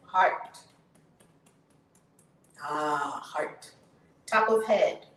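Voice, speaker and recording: A woman hosting her channel, leading a guided tapping session with slow, drawn-out chanted affirmations that turn breathy and emphatic. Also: medium pitch, animated. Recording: echoey room, distant mic, faint noise.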